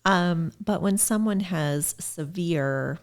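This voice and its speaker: A speech pathologist guest on a podcast talks in a measured, explanatory way. Her voice sits very low and has a gravelly fry running through it. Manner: measured, explanatory, lively when telling stories.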